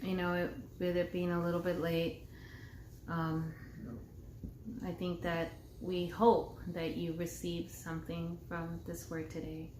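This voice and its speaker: A woman's voice: lowish voice, completely flat delivery, unhurried, darkish tone, echoey room, a little hiss or hum. A woman co-pastor chatting casually and playfully with her church's online viewers from home. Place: home room.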